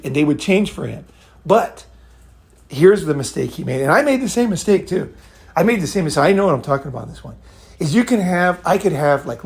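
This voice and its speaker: A man's voice: fairly high pitch, creaky, a little mellow. A man hosting his own channel, talking in a loose, rambling monologue full of swearing and constant "right?" and "okay?" check-ins. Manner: rambling and blunt, swears freely, keeps asking "right?" and "okay?". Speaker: channel host giving dating advice. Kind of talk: casual monologue.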